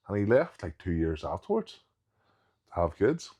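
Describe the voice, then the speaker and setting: A professional strongman appearing as a podcast guest tells anecdotes in casual conversation, acting out what other people said in retold dialogue. His deep voice has big pitch swings, a moderate pace and a darkish tone.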